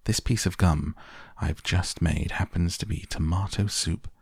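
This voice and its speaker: Man reading as Willy Wonka, grand and gravelly. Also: low-pitched, unhurried, no echo, clean studio sound, full character voice. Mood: boastful. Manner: grand, showman-like boasting. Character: eccentric proud male candy inventor.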